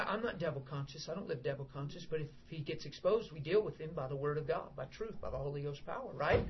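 A middle-aged man preaching an informal sermon to a small group, emphatic and animated, acting out prayers and quotes as he goes. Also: on the high side. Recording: dull lo-fi recording with faint background hiss.

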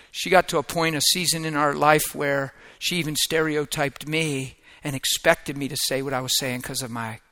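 Bright-voiced man preaching a testimony. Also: fairly high pitch. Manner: emotional storytelling, swinging from hushed prayer to loud exclamation. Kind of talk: sermon testimony.

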